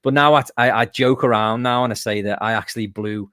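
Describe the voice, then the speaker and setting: A man's voice: mid-range voice, fairly quick, no room sound. A man from the UK, a guest musician telling stories in a casual interview. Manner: animated storyteller, lively and self-mocking.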